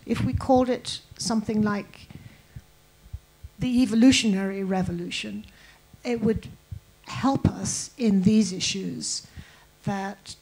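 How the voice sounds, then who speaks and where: A woman historian answers questions in a public conversation. She sounds thoughtful and slightly hesitant, and her voice is mellow and dark. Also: medium pitch, takes it slowly, creaky, long pauses, rough recording. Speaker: guest historian. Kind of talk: conversational lecture talk.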